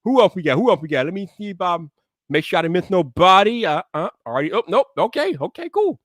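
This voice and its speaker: Male streamer host, very high bright voice, playful hype energy, dry close sound. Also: very animated, fast, no room sound. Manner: hyped, playful, shouts greetings to chat. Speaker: tech live stream host. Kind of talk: casual live stream chat.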